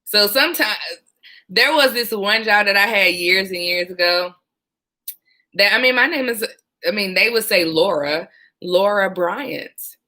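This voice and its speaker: A former 911 dispatcher telling stories from the job in a casual, animated way, often breaking into laughter. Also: female voice, mid-range voice, moderate pace, long pauses. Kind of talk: casual storytelling vlog.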